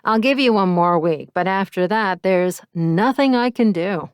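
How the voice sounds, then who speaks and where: A woman's voice: medium pitch, lively intonation, unhurried, smooth, no room sound, studio quality, lightly acted. A woman voicing a polite male landlord on a phone call, firm but apologetic, in a storybook reading.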